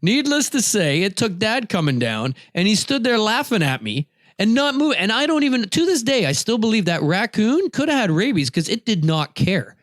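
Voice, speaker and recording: A man co-hosting a podcast, casually telling a hunting story. His voice leaps up high when he acts out his own shouting. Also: big pitch swings, moderate pace, no room sound, clean studio sound. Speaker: podcast co-host.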